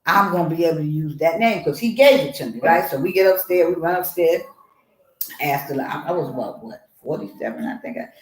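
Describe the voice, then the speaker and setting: A woman author telling a personal story in an animated way, acting out the voices of the people in it. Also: low-pitched, a little fast, echoey room, poor audio. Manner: expressive, acts out voices in her story. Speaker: author guest.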